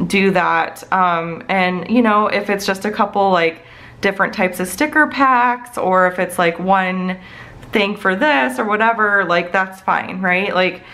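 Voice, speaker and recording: A woman's voice: medium pitch, a little slow, pushed and bright, low-quality recording. A woman in her thirties chatting casually in her home office while planning, rambling with many fillers. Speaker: planner vlogger. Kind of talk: casual chatty plan-with-me talk.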